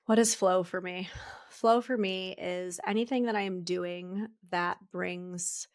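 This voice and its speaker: A woman's voice: lowish voice, fairly even intonation, measured pace, dry recording, studio quality. A woman in her forties co-hosting a podcast, chatting casually and reflectively, laughing often. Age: 40s. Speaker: podcast co-host. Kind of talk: casual chat.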